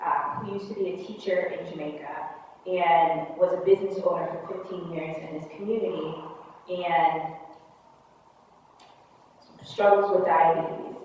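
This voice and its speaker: A young adult woman with an American accent, giving earnest public testimony at a forum, speaking in measured phrases with frequent pauses. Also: fairly low pitch, highs cut off, slight background noise. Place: large public meeting room. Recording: distant mic in an echoey hall.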